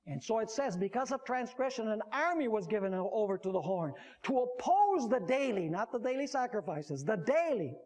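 A man's voice: high-pitched, big pitch swings, brisk, hardly any pauses, a little mellow. A man, a pastor, preaching a sermon, rising sharply on key words and asking the audience questions.

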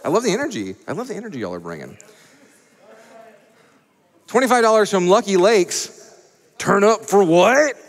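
A man works the crowd as a live event host, full of playful, showy banter and fancy words. His voice sits high and swoops all over the place. The sound carries a long hall reverb. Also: wildly swooping pitch, fairly quick, long pauses. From Atlanta, US. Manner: playful, showy emcee patter with big words. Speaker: marathon host. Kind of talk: hyped live event hosting.

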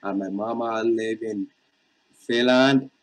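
A man's voice: on the low side, fairly even intonation, slow pace, low-quality recording. Hesitant man calling her baby. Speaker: caller. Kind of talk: casual phone call.

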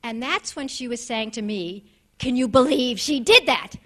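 A middle-aged woman from the United States with a New York accent, telling a comic story to an audience and acting out voices with quick asides. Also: on the high side, expressive.

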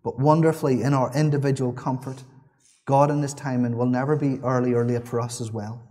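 A man's voice: mid-range voice, steady tone, brisk, mellow. A man preaching a sermon in a church, earnest and repeating his key phrases, with small restarts.

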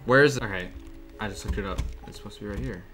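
A man's voice: fairly low pitch, rapid-fire. A man hosting his own gaming channel, giving casual let's-play commentary and joking back at the game's characters. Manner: jokey, talks back to game characters. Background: game music.

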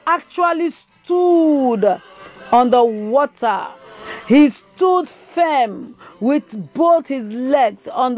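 A woman evangelist preaching a livestreamed sermon, drawing out and repeating her phrases with emphasis, dropping "eh" between lines and breaking into tongues. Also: high-pitched. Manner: slow, drawn-out emphatic preaching with repetition and bursts of tongues; punctuates phrases with "eh".

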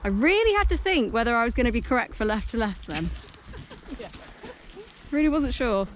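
A woman's voice: on the high side, big pitch swings, fairly quick. A woman riding in an outdoor arena and talking to her horse, praising and coaxing it with frequent laughs, recorded on a helmet camera. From Britain. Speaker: horse rider filming her ride. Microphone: helmet-mounted action camera. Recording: noisy outdoor recording, hoof sounds.

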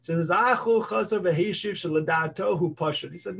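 A man's voice: high-pitched, brisk, vocal fry, fairly bright tone, slightly rough. A man teaching a casual study group, reading passages aloud and explaining them in plain English with frequent fillers. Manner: reads Hebrew text then explains it in English, with fillers. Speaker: Torah class teacher.

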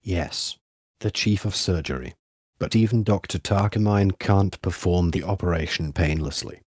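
A man reading an audiobook voices a female nurse who gently pleads with her patient. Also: sits low, normal speed, dry recording, clean studio sound. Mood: coaxing. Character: anxious female nurse and servant.

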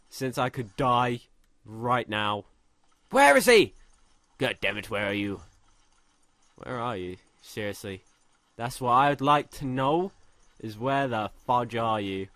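A young man doing let's play commentary, excitable, swearing a lot and shouting when thrilled. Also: medium pitch, dry recording. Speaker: gaming commentator.

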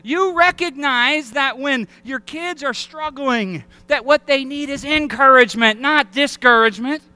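A male pastor with a Southern American accent, preaching an animated sermon that acts out voices and quotes. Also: very high voice, a little slow, dry recording. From Alabama. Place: church sanctuary.

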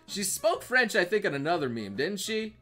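Lively, stammering American man streaming. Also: high-pitched, normal speed, soft background music. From United States. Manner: excitable, stammering restarts, crude swearing. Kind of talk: livestream reaction commentary.

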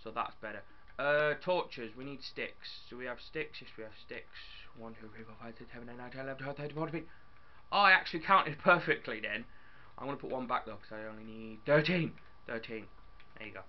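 A young man narrates his gameplay in a loose, chatty way, often bursting into excitement and talking to his viewers. His voice sits at a middle pitch. The recording sounds dull and lo-fi, like a cheap home mic. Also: brisk. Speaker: gaming YouTuber. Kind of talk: casual game commentary.

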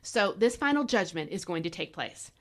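A woman's voice: lowish voice, sing-song, normal speed, fairly bright tone. A woman hosting a devotional podcast, preaching fervently and urging listeners to act, with folksy asides and repeated emphasis. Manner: fervent, exhorting, direct address to listeners. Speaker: podcast host and Bible teacher.

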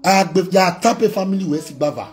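Nigerian male vlogger, higher-pitched, heated scolding rant. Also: expressive, fast talker. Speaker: blogger. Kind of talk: ranting vlog monologue.

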